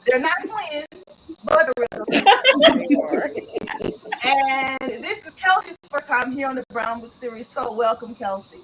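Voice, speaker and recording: A woman's voice: high-pitched, moderate pace, few pauses, background noise. A woman hosting an online author livestream in a playful, laughing, slangy chat style, greeting viewers one by one.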